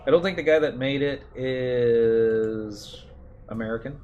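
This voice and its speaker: A man's voice: mid-range voice, a little slow, darkish tone, highs cut off. A man in his thirties giving casual gameplay commentary, rambling and reminiscing with self-mocking asides. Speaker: game streamer. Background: game music.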